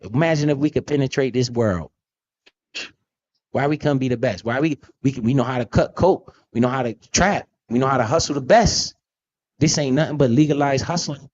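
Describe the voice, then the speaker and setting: A man's voice: mid-range voice, normal speed, a little mellow, dull audio. A man hosting a casual, profane talk about investing, blunt and emphatic with lots of slang. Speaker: podcast host.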